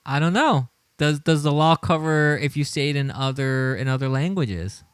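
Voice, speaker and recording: A man's voice: on the high side, normal speed, smooth, no room sound. A man hosting a political livestream, talking with indignation, often repeating his words and chuckling as he reads the chat. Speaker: livestream show host.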